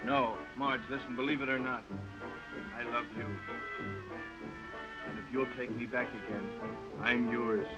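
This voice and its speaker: A man's voice: mid-range voice, fairly even intonation, takes it slowly, pauses often, lightly acted. An actor in an early sound film playing a reckless young man, sardonic and half-drunk, mocking those around him. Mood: tender. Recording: dull early talkie sound with music.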